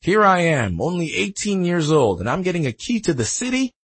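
A man voicing an eighteen-year-old golf champion in an audiobook, speaking earnestly and with excitement. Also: sits high, fairly quick, breathy edge, no echo, pitched above the performer's own voice, exaggerated voice. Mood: excited. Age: teens.

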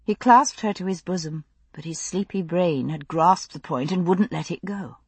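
A woman narrating a novel in an intimate, unhurried storytelling voice on a close studio mic. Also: lowish voice, slightly rough, dry recording. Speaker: audiobook narrator. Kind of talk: scripted narration.

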